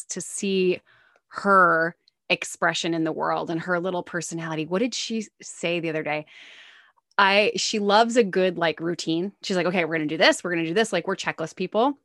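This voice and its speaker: A chatty, effusive woman hosts a casual interview, her speech full of "like." Her voice sits fairly low. The sound is dry and close. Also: fairly bright tone, no echo. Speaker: podcast host, interviewer.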